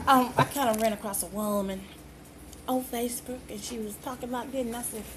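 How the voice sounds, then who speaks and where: A woman's voice: fairly high pitch, fairly even intonation, normal speed, noisy background. A woman in her home kitchen demonstrating a recipe, chatting playfully and folksily with her viewers. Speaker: home cook. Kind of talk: cooking demonstration.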